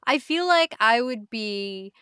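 Bright, crisp woman podcast host. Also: a little high, lively intonation, slow pace, no room sound, clean studio sound. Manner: enthusiastic, filler-heavy. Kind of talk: casual chat.

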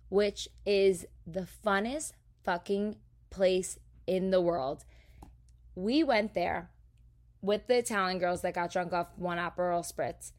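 A woman from New Jersey, a podcast host, telling a story in a casual, animated, profane way. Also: mid-range voice.

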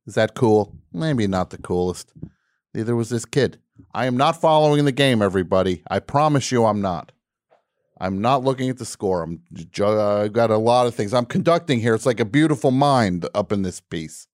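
A male radio host with a lowish voice launches into a comedic, grumbling rant. He spins the story with exasperated mock outrage, keeping it loose and conversational. The studio sound is dry and close to the mic. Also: lively intonation, moderate pace, no echo. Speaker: radio call-in show host.

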